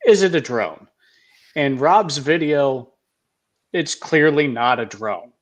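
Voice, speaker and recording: A man's voice: on the high side, lively intonation, slow pace. A man co-hosting a casual chat, making his points emphatically.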